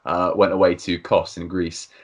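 Low-pitched male host, relaxed interviewer, quick to laugh. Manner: easygoing, laughs between remarks. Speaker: podcast host. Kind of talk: casual interview chat.

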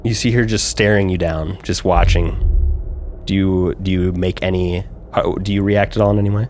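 A man narrating as game master of a tabletop game, describing scenes in a slow, descriptive way. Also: low-pitched, steady tone, a little mellow, slight background noise. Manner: slow, descriptive, with small restarts.

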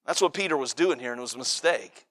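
A man's voice: medium pitch, expressive, fast talker, a bit bright. A man preaching a sermon in a conversational, emphatic way, often repeating and restarting his words.

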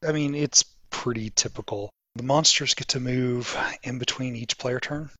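A man's voice: medium pitch, normal speed, a bit bright, breathy edge, dry recording. A man co-hosting a podcast, explaining things at length in eager, casual chat. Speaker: podcast co-host.

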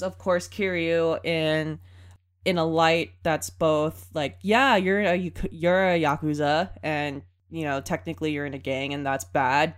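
A woman in casual chat about a video game, thoughtful and measured, getting high and giggly when amused. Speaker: co-host discussing a video game.

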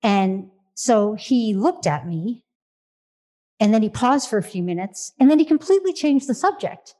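A woman's voice: a little high, lively intonation, moderate pace, dark tone. A middle-aged woman sharing a heartfelt personal story, earnest, with repeated phrases for emphasis and small restarts. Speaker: speaker sharing a reflection.

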